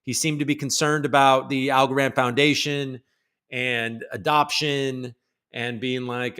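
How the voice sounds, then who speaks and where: A man's voice: mid-range voice, flat delivery, unhurried, pushed and bright, smooth. A man hosting a casual crypto livestream, rambling and joking irreverently as he reads viewer comments.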